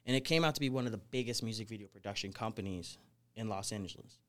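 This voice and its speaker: A young man with a lowish voice talks fast as a podcast guest, a snake wrangler telling his life story. He's casual, energetic and rambling, constantly dropping fillers like "you know" and "like."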